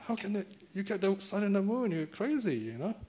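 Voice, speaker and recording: A man's voice: high-pitched, lively intonation, fast talker, darkish tone, pitched above the performer's own voice. A man voicing a stingy old Brahmin father who exclaims in a raised, incredulous voice. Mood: scoffing.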